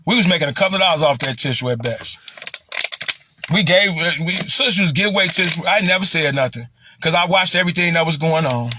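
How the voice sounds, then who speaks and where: A middle-aged man from Chicago with a Chicago accent, talking on a livestream in an animated, preachy way and repeating phrases. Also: fairly high pitch, fairly quick, background noise. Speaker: livestream commentator. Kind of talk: casual livestream talk.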